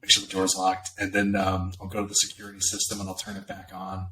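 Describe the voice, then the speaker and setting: A man describing his character's actions in a tabletop game, casual and halting with fillers. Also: low-pitched, completely flat delivery, sharp tone, far from the mic, slight background noise, low-quality recording. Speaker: player.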